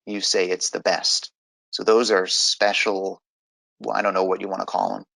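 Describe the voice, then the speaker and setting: Low gravelly man teaching grammar. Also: flat delivery, moderate pace, sharp tone, dry recording, poor audio. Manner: patient, explains step by step. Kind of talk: online grammar lesson.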